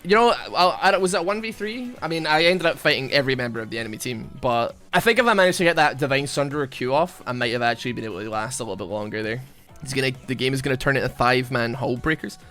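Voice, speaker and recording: A young man chats loosely over a game he is playing, his tone bright and edged. He wanders from one thought to the next, pokes fun at himself, and now and then bursts out loudly at what happens on screen. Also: mid-range voice, quick pace, faint music behind. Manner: rambling and self-mocking, with sudden loud outbursts at the game. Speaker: gaming YouTuber. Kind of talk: casual gameplay commentary.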